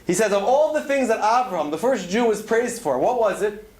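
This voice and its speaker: A man's voice: high voice, lively intonation, moderate pace, darkish tone, echoey room. A man telling stories with earnest conviction in a Torah talk to students, weaving in Hebrew terms. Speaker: speaker at a student event. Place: event hall.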